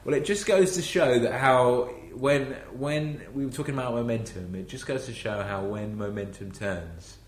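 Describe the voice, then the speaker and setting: A man's voice: medium pitch, normal speed, few pauses, echoey room. An English man hosting a casual chat, rambling with many restarts. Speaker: podcast host.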